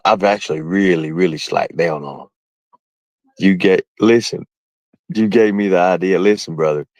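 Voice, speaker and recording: A deep-voiced man livestreams with no echo, ranting casually to his viewers. His talk is rambling, mocking, and folksy.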